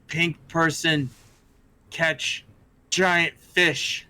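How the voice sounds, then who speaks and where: A man's voice: on the high side, flat delivery, bright, forceful tone, clean tone, full character voice. A man putting on a simple-spoken little kobold. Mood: awed. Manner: broken simple phrases, slow. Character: small awestruck male kobold, broken speech.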